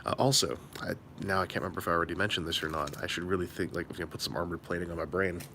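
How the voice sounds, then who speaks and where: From a hotel room, a man live-streams late at night as he opens card packs, talking in a rapid-fire, rambling, subdued way that keeps his excitement under control. Background noise comes through.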